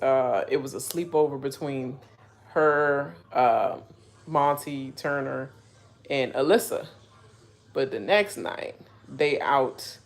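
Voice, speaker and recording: A woman chatting casually on a live reaction stream, rambling with lots of fillers and asides. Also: sits low. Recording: faint background noise.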